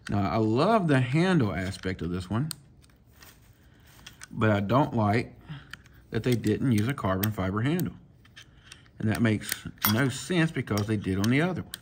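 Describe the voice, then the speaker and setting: A man, casually talking viewers through swapping a reel handle, folksy and relaxed as he works. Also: lowish voice, a little slow, long pauses, slight background noise. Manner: relaxed, talks to himself while working, folksy. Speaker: fishing channel host. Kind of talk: casual hands-on tutorial.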